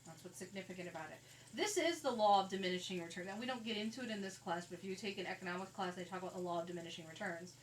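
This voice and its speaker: This rough recording of a classroom math lecture has a woman speaking very fast in a mid-range voice, plainly walking through calculator steps. She sounds far from the mic and a bit off-axis, with faint noise underneath.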